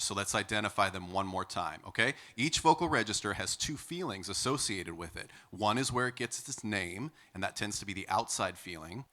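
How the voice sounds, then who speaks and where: A man's voice: on the low side, bright, forceful tone. A middle-aged male vocal coach explaining singing technique in an upbeat way, often checking in with "okay?". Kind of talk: singing lesson with sung demonstrations.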